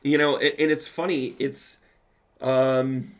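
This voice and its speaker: A man's voice: mid-range voice, level tone, takes it slowly. A man hosting a casual livestream Q&A as a medium, reading out viewer comments and answering them with playful asides. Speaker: medium answering live chat questions.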